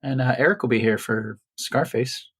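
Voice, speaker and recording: A man with a mid-pitched, slightly husky voice hosts a podcast. He chats casually and reads the show notes in a relaxed tone. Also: moderate pace, no echo. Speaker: podcast host. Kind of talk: casual chat. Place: podcast studio.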